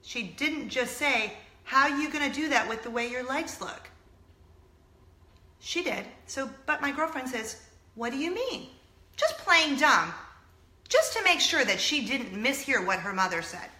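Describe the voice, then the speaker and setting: Earnest woman, bright voice. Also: sits high, lively intonation, unhurried, echoey room. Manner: emotional, earnest, near tears at times. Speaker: vlog host. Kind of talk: casual storytelling to camera.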